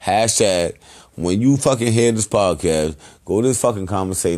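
A man hosting a podcast, giving loose, rambling shout-outs in heavy slang and profanity. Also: lowish voice, normal speed. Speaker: podcast host.

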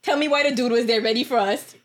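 Animated high-voiced young woman telling a story. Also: fast talker. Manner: animated, laughing, acts out quoted voices. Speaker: storyteller on a chat show. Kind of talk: casual chat.

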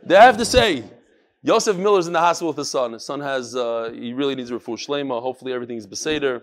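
A man giving a lively Torah class to a live group, telling stories and calling listeners up to the front. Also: medium pitch, quick pace. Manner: animated storyteller who calls listeners up to the front.

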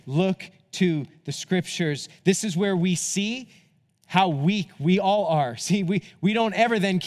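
Male pastor, earnest sermon delivery, higher voice, long hall reverb. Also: measured pace. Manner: earnest, rising to impassioned appeals, then quiet and hushed in closing.

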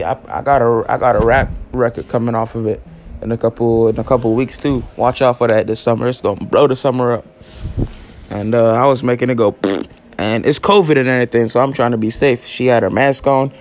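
A man's voice: mid-range voice, steady tone, brisk, a little hiss or hum. Rambling teen guy cracking jokes. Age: late teens. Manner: rambling, joking, heavy slang and cussing. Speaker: podcast host. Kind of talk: casual solo podcast monologue.

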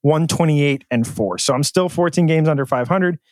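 A man's voice: on the high side, moderate pace, a little mellow, no room sound. A man co-hosting a sports podcast, chatting casually with jokes and profane banter. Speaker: podcast co-host.

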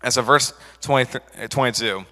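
A man's voice: medium pitch, normal speed, sharp tone, long reverb tail. A young man preaching a casual sermon, rambling through a personal story with fillers and restarts. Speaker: youth preacher.

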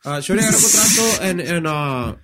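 A man's voice: sits high, fast talker, slight background noise. A man telling a story in casual chat, mixing English and Spanish and acting out what people said. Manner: animated, mixes English and Spanish, acts out quoted lines. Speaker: band member.

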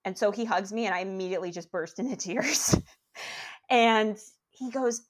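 A young woman telling a long personal story as a guest, animated and rambling, with lots of restarts. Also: medium pitch, brisk. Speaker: podcast guest. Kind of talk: casual storytelling.

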